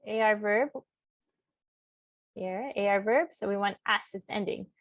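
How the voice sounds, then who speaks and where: A woman's voice: mid-range voice, unhurried, no echo, highs cut off. A woman teaching a Spanish grammar lesson step by step, patiently mixing English and Spanish and checking in with her students. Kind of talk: classroom lesson, explaining step by step.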